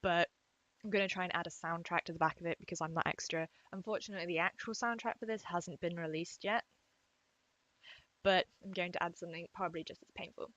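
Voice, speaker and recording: A young English woman vlogging at home to her webcam, chatty and self-deprecating, talking quietly so as not to wake the household. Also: lowish voice, steady tone, quick pace, muffled recording. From England. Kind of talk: casual webcam vlog. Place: room at home.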